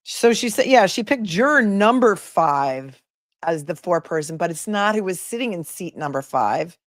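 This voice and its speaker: A woman attorney hosting a casual livestream, chatting and reading out viewer comments with quick asides. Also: lowish voice, expressive, no room sound, clean studio sound. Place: home in a remote area.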